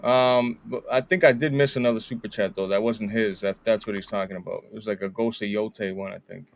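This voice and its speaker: A man's voice: fairly low pitch, fairly even intonation, a little fast, vocal fry. A man co-hosting a casual gaming podcast, teasing the others and reading out super chats. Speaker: podcast co-host.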